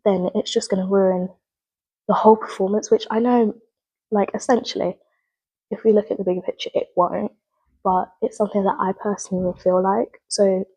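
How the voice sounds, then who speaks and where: A young woman reflects on camera in an earnest, rambling way, often stopping to correct herself. Her voice is soft and breathy at a middling pitch. It sounds like a casual student video diary. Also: low-quality recording. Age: young adult. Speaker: drama student. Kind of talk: spoken reflective video log.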